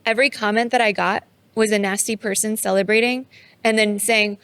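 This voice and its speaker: A woman's voice: mid-range voice, fairly even intonation, brisk, a bit bright, clear, resonant tone. A woman co-hosting a podcast, recounting events in an indignant, conversational way. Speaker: podcast co-host. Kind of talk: casual podcast chat.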